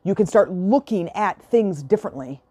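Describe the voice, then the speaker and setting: A woman's voice: medium pitch, expressive, moderate pace, dark tone, no echo. A woman hosting a solo podcast, retelling a film and urging listeners to be grateful, in an earnest, motivational, emotional way, close to the mic. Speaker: podcast host.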